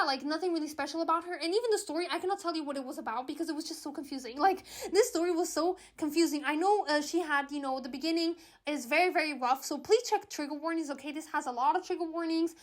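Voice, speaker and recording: Fast-talking, high-voiced woman reviewing books. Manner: chatty, emphatic, repeats herself. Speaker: book reviewer. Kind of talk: casual book review vlog.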